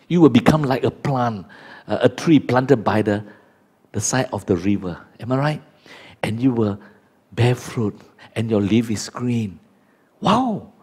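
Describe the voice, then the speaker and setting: Animated preacher, Chinese-native man. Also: medium pitch, husky. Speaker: pastor. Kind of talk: sermon.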